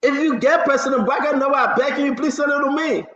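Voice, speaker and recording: Liberian radio guy, super high bright voice, jokey, keeps begging listeners, echoey lo-fi sound. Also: quick pace. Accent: Liberian English. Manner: animated and joking, laughs often, pleads repeatedly. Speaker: radio talk show host. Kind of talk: live call-in style talk show. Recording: echoey room, dull lo-fi sound.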